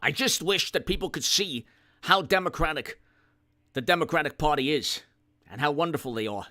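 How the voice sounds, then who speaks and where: A man doing a comedic impression of an elderly senator, hectoring and mock-indignant. The voice sits a little high and sounds bright and forceful, and it stumbles into emphatic restarts. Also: lively intonation, normal speed. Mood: sarcastic.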